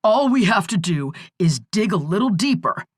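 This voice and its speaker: A woman's voice: medium pitch, very animated, moderate pace, husky, dry recording, pitched above the performer's own voice. A woman narrator voicing a desperate young man in jail, quavering and close to tears, in an audiobook. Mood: angry. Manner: quavering, panicked, pleading. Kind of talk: audiobook character voice.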